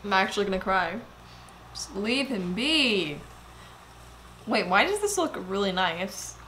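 A woman giving casual movie reaction commentary, excitable and swearing as she talks back to the screen. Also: medium pitch, unhurried, slight background noise.

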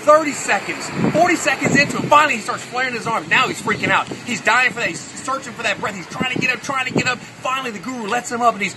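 A man giving an energetic motivational talk, telling a story and often checking in with "right?". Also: very high-pitched, quick pace, hardly any pauses, background noise. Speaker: motivational speaker.

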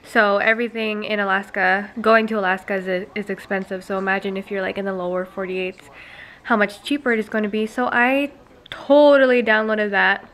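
A woman's voice: mid-range voice, fairly even intonation, brisk, fairly bright tone. A young woman, a mother vlogging in her home kitchen, talking in a chatty, teasing way to a handheld camera. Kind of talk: casual home vlog chat. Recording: faint background noise.

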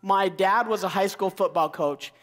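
A motivational speaker in his 40s from Idaho gives an energetic keynote, his bright, high voice echoing with long reverb through a large auditorium. He speaks at a moderate pace over soft background music, enthusiastically drawing in the crowd by calling out questions.

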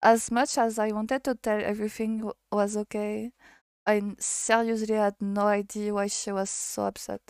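A French woman streaming and reading a visual novel aloud in English, hesitant and halting, often laughing between lines. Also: medium pitch, little pitch movement, darkish tone, smooth, no echo, clean studio sound. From France.

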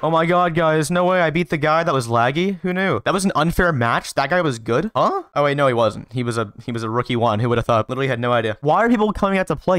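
A man giving casual gameplay commentary, trash-talking playfully with quick excited outbursts. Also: medium pitch, clean tone, no echo, clean studio sound. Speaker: gaming video creator.

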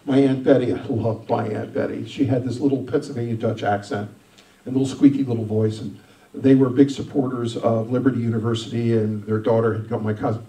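A man's voice: mid-range voice, reverberant, distant mic, poor audio. Emphatic pastor telling his testimony. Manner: emphatic storytelling, swings loud and soft. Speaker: senior pastor. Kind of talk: sermon testimony.

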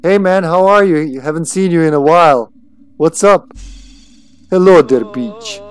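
A man's voice: fairly high pitch, moderate pace. A man streaming a game live, chatting casually with viewers and swearing freely as he plays. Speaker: livestream gamer. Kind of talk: casual live gameplay commentary.

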